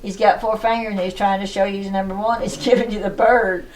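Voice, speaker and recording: A woman's voice: mid-range voice, flat delivery, fairly quick, a little mellow, slight background noise, low-quality recording. Folksy woman in her nineties. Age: 90s. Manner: chatty, folksy, laughs through her stories. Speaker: frog museum owner. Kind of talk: casual storytelling tour. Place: indoor shop museum full of collectibles.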